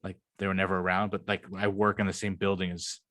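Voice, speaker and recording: A man's voice: low voice, little pitch movement, fast talker, a bit bright. A young man co-hosting a podcast, talking in a loose, rambling way and swearing often. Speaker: podcast co-host. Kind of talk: casual chat.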